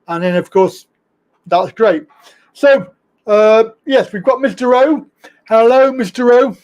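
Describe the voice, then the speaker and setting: Man, high voice, live stream host, casual chatty rambling, laughs at own mistakes. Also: slow pace, a little mellow, muffled recording. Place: home studio, in Thailand.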